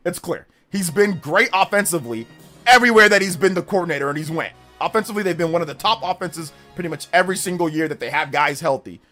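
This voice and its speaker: A man's voice: on the high side, a bit bright. A male streamer talking casually on a live stream, arguing emphatically with his chat. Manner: emphatic, argumentative, talks back to chat.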